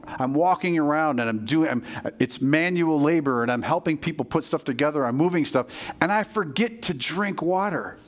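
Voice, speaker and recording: A pastor preaching a sermon to his congregation with energy, often checking in with "all right". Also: a little high.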